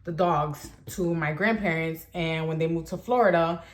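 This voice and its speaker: A woman's voice: deep voice, moderate pace. Chatty young woman telling a story. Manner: chatty, animated, heavy use of "like". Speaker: storytime vlogger. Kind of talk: casual storytelling.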